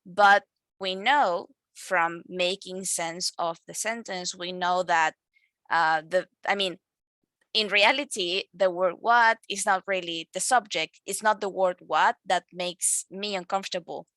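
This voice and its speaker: A woman's voice: on the low side, unhurried, bright, forceful tone, dry recording. A woman teaching an English grammar lesson, explaining patiently with fillers and self-corrections.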